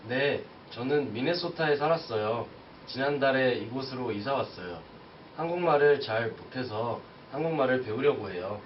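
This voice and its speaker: A man's voice: mid-range voice, expressive, rapid-fire, slight background noise, natural voice. A man voicing a polite young new student introducing himself in simple textbook phrasing. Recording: distant, muffled lo-fi audio.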